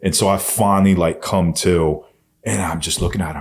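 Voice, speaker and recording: With a deep, steady voice and a fairly quick pace, a man recounts his own story as a guest on a podcast. The candid telling is intense and blunt, and he swears constantly throughout.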